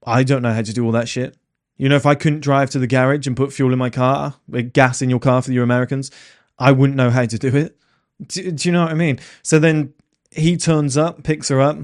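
A man with a middle-pitched voice talks straight to his listeners in a loose, casual monologue. He is blunt and plain-spoken, and he keeps throwing rhetorical questions at the audience. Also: darkish tone.

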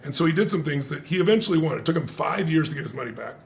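An older man with a gravelly, fry-heavy voice pitched fairly high for a man. He tells a story in conversation with lots of energy, swears casually, and breaks into laughs. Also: very fast. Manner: animated, swears casually, laughs often, acts out quotes.

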